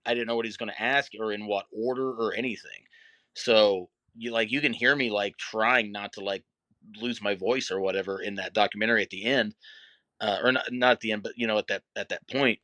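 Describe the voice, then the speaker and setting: A man's voice: lowish voice, fairly even intonation, fairly quick, pushed and bright, no room sound. A middle-aged man, a wrestler guest, talking candidly and reflectively in a casual interview, with many fillers.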